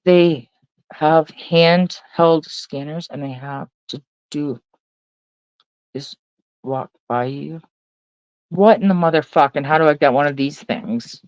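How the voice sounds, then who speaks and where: A woman's voice: sits low, unhurried, long pauses, no echo, dull audio. A middle-aged woman, ranting casually and profanely to her viewers, laughing often between lines. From Canada. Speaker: vlogger.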